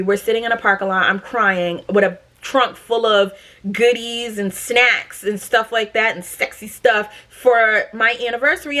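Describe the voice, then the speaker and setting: A woman in her thirties from Massachusetts telling a storytime to camera in a blunt, profane, animated way. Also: fairly high pitch. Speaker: storytime vlogger.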